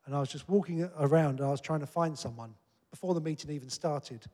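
Man preacher, sermon, higher-pitched, conversational and earnest, long hall reverb. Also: quick pace, darkish tone. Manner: earnest, conversational preaching that rises to emphatic peaks.

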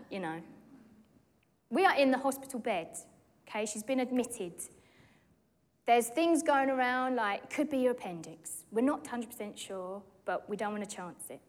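A British woman in her forties giving a lively, excitable testimony to a church gathering from a stage. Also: on the high side, moderate pace. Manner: animated, excitable storyteller who acts out quotes. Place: stage in a hall. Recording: echoey hall.

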